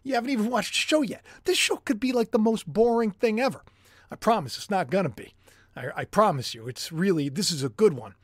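A man hosting a livestream commentary show, excitable and animated, chatty with jokey asides. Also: sits high, brisk, no room sound, clean studio sound. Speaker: host.

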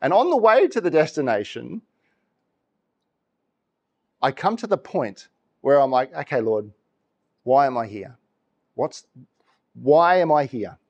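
A man's voice: mid-range voice, measured pace, pauses often, lo-fi sound. A middle-aged man preaching a sermon, telling stories with laughs and acted-out voices. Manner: animated storytelling, laughs often, acts out voices. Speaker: pastor.

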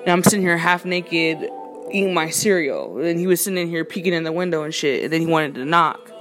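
A woman telling a casual storytime about a run-in with her neighbor, indignant and animated, full of slang and swearing, from her home. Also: lowish voice, fairly quick, soft background music. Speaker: storyteller recounting a neighbor dispute.

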